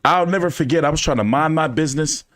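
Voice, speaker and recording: A man hosting a casual fan chat, telling stories in an animated, profane way with many fillers. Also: a little high, fast talker, dry recording, studio quality. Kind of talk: casual storytelling to a live chat.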